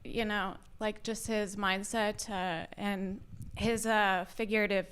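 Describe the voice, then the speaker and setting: Smooth-voiced woman guest. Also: mid-range voice, little pitch movement, slow pace, fairly bright tone. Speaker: interview guest. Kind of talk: casual interview chat.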